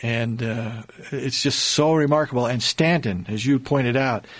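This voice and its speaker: A man's voice: mid-range voice, a little slow. Man telling a historical story earnestly. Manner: earnest, builds emphasis, frequent restarts.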